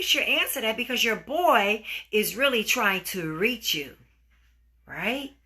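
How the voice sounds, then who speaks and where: Animated woman telling a relationship story. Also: fairly high pitch, unhurried, slightly rough. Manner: animated, acts out dialogue with sound effects. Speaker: podcast host.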